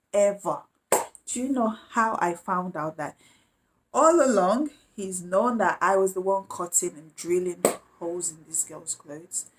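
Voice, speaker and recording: Woman, casual storytime vlogger, animated, slips into other people's voices. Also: medium pitch, slight background noise. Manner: animated, acts out quoted voices.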